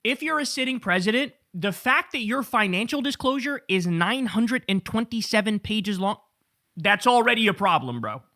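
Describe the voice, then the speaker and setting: A man hosting a political talk show, giving animated, profane commentary and mocking the people he talks about. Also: high voice, normal speed, no room sound, studio quality. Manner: profane, mocking and animated, laughing at his targets.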